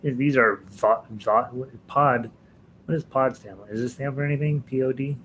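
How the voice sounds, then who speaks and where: A man's voice: medium pitch, moderate pace, a bit bright, a little hiss or hum, poor audio. An American man hosting a live ukulele lesson stream, chatting casually with viewers, chuckling often and rambling with fillers and restarts. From United States.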